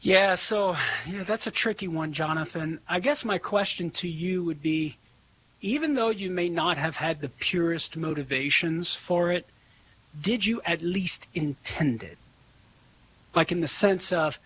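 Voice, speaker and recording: A man's voice: a little high, unhurried, a bit bright, a little hiss or hum. A man answering callers on a call-in show, earnest and conversational, laughing easily.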